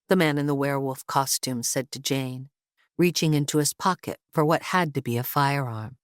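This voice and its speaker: Low-voiced woman narrating a thriller. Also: normal speed, no room sound, clean studio sound. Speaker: audiobook narrator. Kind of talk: scripted narration.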